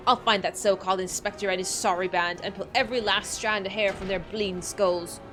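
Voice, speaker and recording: Gruff bald man, blustering, coarse, as a woman puts him on. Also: medium pitch, fairly even intonation, brisk, over music, close to an everyday voice. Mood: indignant.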